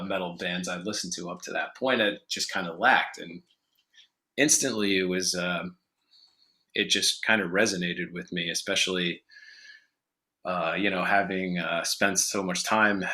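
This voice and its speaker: A man's voice: deep voice, pushed and bright. An American man, a musician guest in an interview, answering in a loose, rambling way with many fillers and restarts. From United States.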